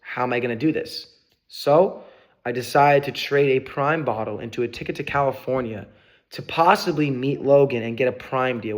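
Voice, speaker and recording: A young man recounts a wild story in a casual storytime vlog, swearing freely and jumping into quoted voices. His pitch sits in a middle male range, and his talk rushes ahead with excitement. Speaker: vlogger.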